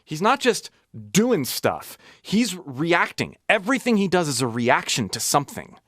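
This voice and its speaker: An enthusiastic man talks through a song in a casual breakdown, pointing out details as the track plays. His pitch moves in a lively, animated way. The recording is close and dry, with no room sound. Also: measured pace, no echo. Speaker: music reaction host. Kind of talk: casual music breakdown commentary.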